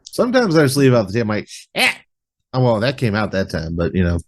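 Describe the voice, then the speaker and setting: Here is a man with a fairly low voice hosting a relaxed podcast conversation. He rambles loosely and leans on "like" as he talks. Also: quick pace. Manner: rambling, with many "like" fillers. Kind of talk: casual podcast chat.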